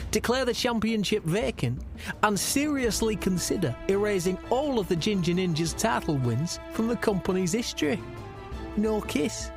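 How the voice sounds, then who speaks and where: A man's voice: high-pitched, creaky, pitched above the performer's own voice. A man putting on the voice of a stern wrestling commissioner, reading out a threatening message in an officious manner.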